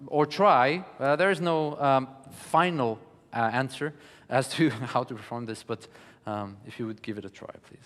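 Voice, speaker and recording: A man giving a lecture on music, speaking in a measured, thoughtful way with frequent pauses. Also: mid-range voice, a bit bright. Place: studio hall. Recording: long reverb of a studio hall.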